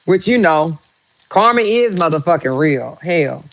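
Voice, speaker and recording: A woman hosting her own vlog, reacting out loud to news with exclamations and lots of swearing, talking straight to her viewers. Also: low voice, lively intonation, unhurried, low-quality recording. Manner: profane, exclamatory, talks to viewers. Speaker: vlogger host. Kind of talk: casual reaction commentary.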